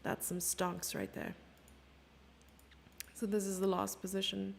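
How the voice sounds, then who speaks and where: A woman streamer talks through a chess game live, thinking aloud over the moves and teasing herself along the way. Her mid-pitched voice has a gravelly edge. She is from Germany and keeps it casual and chatty. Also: flat delivery, a little slow, a little hiss or hum. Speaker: chess commentator.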